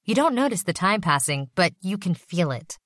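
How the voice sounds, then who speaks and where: A woman reading the part of a brisk, polite female secretary who is sympathetic but businesslike. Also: lowish voice, very animated, fairly bright tone, dry recording, studio quality.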